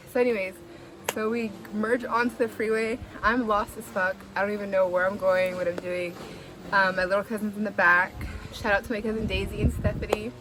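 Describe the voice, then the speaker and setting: A woman's voice: medium pitch, background noise. A young woman from the Bay Area telling a story in a casual, chatty way, full of fillers and swearing. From San Francisco Bay Area. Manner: chatty and animated, heavy "like" fillers, swears, laughs while telling.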